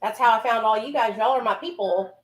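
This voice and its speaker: A woman's voice: fairly high pitch, fairly quick. A woman chatting casually with her livestream viewers from home while doing her makeup, calling them honey and baby. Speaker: livestream host.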